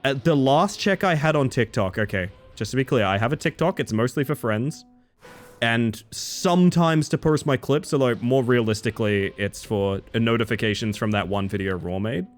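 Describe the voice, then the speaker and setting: Here an Australian man gives casual live-stream commentary on his game, cursing and chanting silly words between remarks. His mid-range voice moves at a moderate pace over soft background music.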